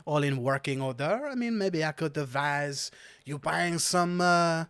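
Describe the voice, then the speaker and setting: A man's voice: on the high side, unhurried, smooth, no echo, clean studio sound. A man voicing a fawning, mustachioed male merchant with a put-on French accent. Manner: flattering, theatrical.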